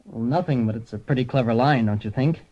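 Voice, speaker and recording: In comic radio narration and acting, a man voices a bumbling private detective who wisecracks, puns, and sounds breezily pleased with himself. He talks fast in a mid-range, slightly mellow voice close to everyday speech, heard through a dull, lo-fi old radio recording.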